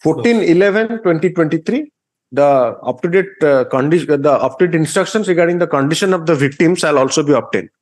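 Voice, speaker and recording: A man's voice: a little high, lively intonation, brisk. A man with an Indian English accent, presiding as a judge at a court hearing, sternly lecturing and rebuking counsel.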